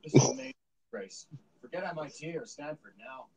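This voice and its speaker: A man's voice: on the high side, expressive, brisk, crowd noise, rough recording. An actor playing a stern male university dean who indignantly scolds his scientists, heard as a film clip played from afar. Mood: scolding.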